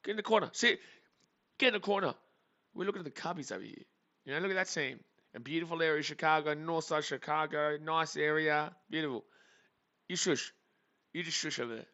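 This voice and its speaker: A man voicing a brash, squealing male sports fan, high-pitched and mocking in an exaggerated way. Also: fairly quick, long pauses, bright, forceful tone, highs cut off. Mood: dismissive, taunting. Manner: taunting, exaggerated.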